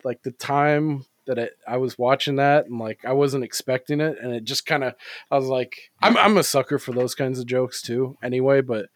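A man's voice: mid-range voice, normal speed, dry recording. Rambling, profane male podcast co-host. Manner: rambling, profane, many fillers. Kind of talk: casual chat.

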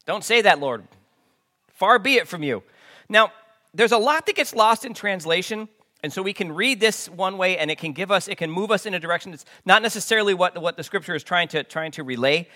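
Quick and pitched high, this pastor's voice sounds pushed and bright. His sermon is conversational, full of fillers and sentences he abandons and begins again.

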